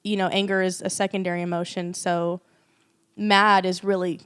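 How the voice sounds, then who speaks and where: A woman's voice: fairly low pitch, little pitch movement, moderate pace, fairly bright tone, smooth. A woman co-hosting a faith podcast, speaking reflectively and thinking aloud about emotions. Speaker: podcast co-host.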